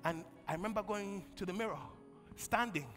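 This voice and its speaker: A man preaching a sermon as pastor, calling on the congregation to answer and swinging from loud bursts to quiet storytelling. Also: high-pitched, fairly quick. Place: large church hall. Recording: long church hall reverb, faint music.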